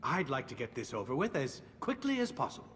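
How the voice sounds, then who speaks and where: An actor playing a cold, commanding middle-aged scientist who holds a prisoner, talking curtly and with contempt. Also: male voice, medium pitch, huge pitch swings, quick pace, a bit bright, big-room sound, a little hiss or hum. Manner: curt, commanding, sneering.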